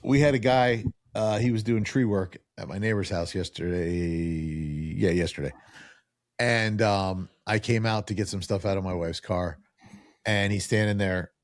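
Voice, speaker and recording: Low-voiced middle-aged man telling stories. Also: measured pace, no echo, clean studio sound. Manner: animated storyteller acting out quoted dialogue. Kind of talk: casual podcast chat.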